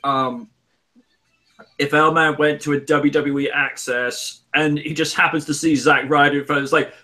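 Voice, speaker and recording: A man's voice: fairly high pitch, steady tone, moderate pace, bright, forceful tone. A man hosting a casual gaming talk show, giving blunt, grumbling opinions. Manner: blunt, grumbling opinions with mock-quoted reactions. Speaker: show host.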